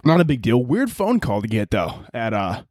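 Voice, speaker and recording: A man's voice: medium pitch, sing-song, moderate pace, darkish tone, no echo, studio quality. A young man hosting a solo podcast, telling rambling, profane stories with frequent laughter and sometimes out of breath. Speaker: podcast host.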